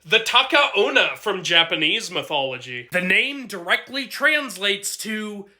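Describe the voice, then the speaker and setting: A man's voice: sits high, big pitch swings, a little slow, pushed and bright. A man narrating mythology in a comedy sketch, with a sarcastic, punchy delivery.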